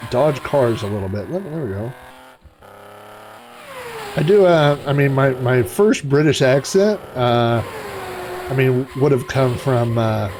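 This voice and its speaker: A man's voice: mid-range voice, expressive, a little slow, long pauses, background noise. A middle-aged man streaming retro racing games, chatting in a rambling way and cracking dad jokes. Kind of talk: casual live-stream commentary.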